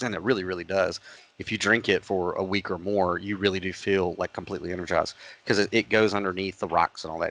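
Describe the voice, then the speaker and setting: Rambling, low-voiced male podcast co-host. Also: gravelly, a bit bright, low-quality recording. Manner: rambling storyteller, frequent restarts and fillers. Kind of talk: casual podcast chat.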